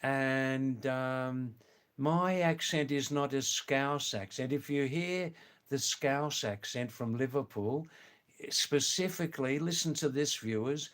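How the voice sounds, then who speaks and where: An older man from England, hosting a live stream, chatting casually with viewers in a slow, rambling way full of hesitant fillers. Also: mid-range voice. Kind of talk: casual live chat reading viewer comments.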